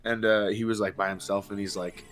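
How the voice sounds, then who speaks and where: A man's voice: fairly low pitch, flat delivery, brisk, a bit bright, soft background music. A man co-hosting a game commentary, telling jokes and rambling stories stuffed with fillers. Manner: rambling joking storyteller, many fillers. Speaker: commentary co-host. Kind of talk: casual let's-play banter.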